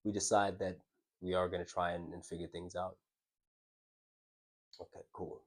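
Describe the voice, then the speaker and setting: A young man talks straight to his viewers in a loose, conversational way, thinking out loud as he tells his story. His voice sits on the lower side. He often circles back and repeats words while he searches for the right phrasing. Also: level tone, moderate pace. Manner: conversational, reflective, restarts words, laughs often. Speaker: vlogger. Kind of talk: casual personal storytelling.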